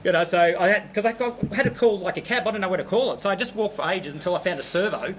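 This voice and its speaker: Comedian, high voice, quick lively delivery, faint background noise. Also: male voice. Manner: quick, animated, laughing through his own story. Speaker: comedian guest. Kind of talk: casual storytelling.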